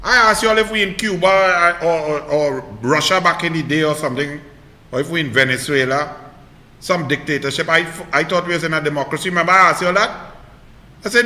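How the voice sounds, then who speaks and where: A man with a Trinidadian accent ranting on politics, mocking and loud, swinging from shouts to low muttering. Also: normal speed, roomy sound, big-room sound. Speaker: online commentator. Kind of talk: animated political rant.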